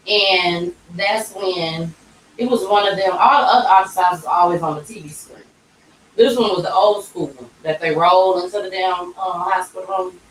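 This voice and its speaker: A woman's voice: fairly low pitch, a little hiss or hum. Young woman w/ aave telling her story, all worked up, voice bouncing in a roomy space, a bit far off the mic. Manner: emotional, animated retelling with quoted voices. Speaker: podcast host. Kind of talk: personal storytelling. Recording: roomy echo, distant mic.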